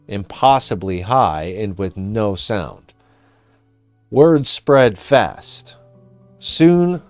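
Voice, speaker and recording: A man narrating a folklore history in scripted form, measured and dramatic, with casual asides. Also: on the low side, darkish tone, smooth, no echo.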